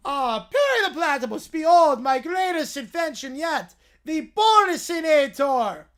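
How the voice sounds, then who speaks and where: A woman's voice: high voice, sing-song, a little slow, voice pushed up. A woman voicing a scheming middle-aged male mad scientist in a theatrical villain monologue. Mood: grandiose.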